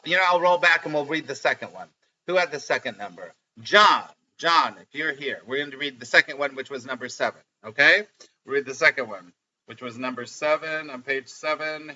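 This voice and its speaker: Middle-aged guy chatting live to his viewers, very bright voice, muffled lo-fi audio. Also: medium pitch. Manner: animated and chatty, often laughing and repeating lines. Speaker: spiritual teacher hosting a live stream. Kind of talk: casual live-stream chat.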